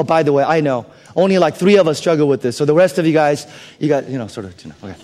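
Male pastor, higher-pitched voice, animated sermon delivery with loud bursts and hushed asides, long hall reverb. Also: slight background noise.

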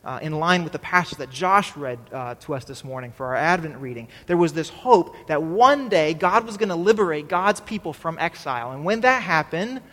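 Pastor, male, fairly high voice, chatty sermon delivery, church hall reverb. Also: lively intonation, normal speed, hardly any pauses, a bit bright. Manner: conversational, checks in with the congregation; has the congregation repeat his main point.

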